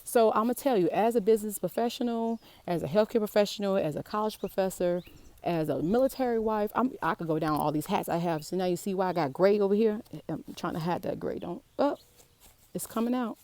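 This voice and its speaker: A woman's voice: mid-range voice, fairly quick, warm tone. A middle-aged woman professor, teaching about money in a casual, streetwise way and asking her viewers questions straight out. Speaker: college business professor. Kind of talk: informal online money lesson.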